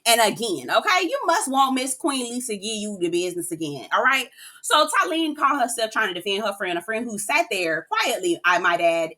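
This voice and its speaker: Sassy, bright-voiced woman recapping reality TV. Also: mid-range voice. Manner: sassy, animated, frequent "girl" and cussing. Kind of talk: casual reality show recap.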